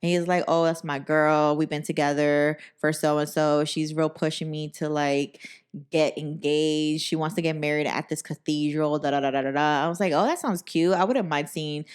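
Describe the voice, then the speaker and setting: Low-voiced young woman telling a story. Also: moderate pace, clean tone. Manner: animated, profane, acts out quoted voices. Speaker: podcast host. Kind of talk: casual storytelling chat.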